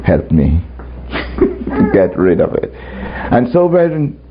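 A male preacher delivers a testimony sermon at an unhurried pace, his pitch rising and falling widely as he tells his story. He laughs often between lines. The recording is a little muffled, with faint room ambience behind him. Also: big pitch swings, background noise.

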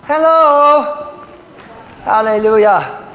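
High-voiced preacher in an echoey hall. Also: male voice, expressive, drawn-out words, a bit bright. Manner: folksy storytelling with frequent "Hello?" and "Hallelujah" call-outs and chuckles. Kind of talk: sermon. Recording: echoey hall with long reverb and faint room noise.

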